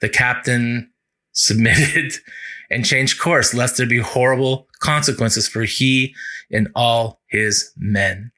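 A male pastor preaching a sermon, earnest, often slowing down to stress key words. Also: mid-range voice, steady tone, sharp tone.

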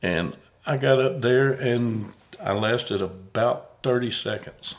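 A man's voice: medium pitch, slow. A middle-aged man, hosting a podcast in a folksy, rambling, self-deprecating way. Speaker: podcast host. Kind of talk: casual interview chat.

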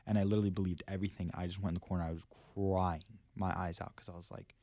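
A young man with a low, deep voice tells a personal story on a faith podcast. He is earnest and casual, peppering his speech with "like" and "literally". The recording is dry and close. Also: little pitch movement, fast, dark tone, no room sound. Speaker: guest, traveling preacher.

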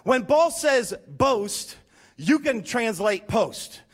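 A pastor giving a lively, conversational sermon with emphatic points and humorous asides. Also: male voice, very high voice, slow pace.

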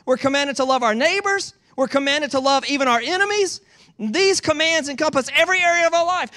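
Pastor, male, high and bright, emphatic repetitive preaching with rhetorical questions. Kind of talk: sermon. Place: church in Georgia.

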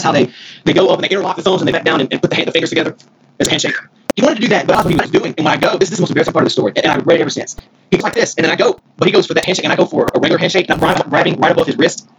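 A man from Mississippi, telling a story as a podcast guest, rambling and excited with many restarts. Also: a little high, gravelly. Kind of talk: casual storytelling. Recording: noisy recording.

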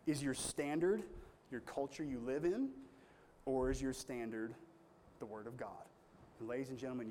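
A man's voice: mid-range voice, darkish tone, slight background noise. A man pastor preaching a sermon in an earnest, conversational storytelling way with strong emphasis.

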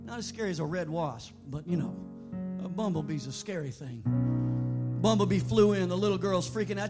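Brief: male preacher, high voice, emphatic sermon, music playing under him. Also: lively intonation, fairly quick. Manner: emphatic, builds to shouted declarations. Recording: sermon over background music.

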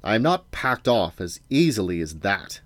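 A man's voice: on the low side, big pitch swings, normal speed, no room sound. A man reading as Mabruk, a scornful old wizard. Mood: menacing. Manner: cold, threatening and scornful.

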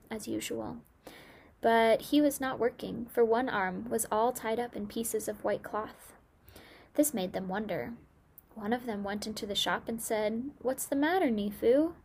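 A woman reading a children's story aloud in a gentle, measured storybook manner. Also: a little high, creaky, slight background noise.

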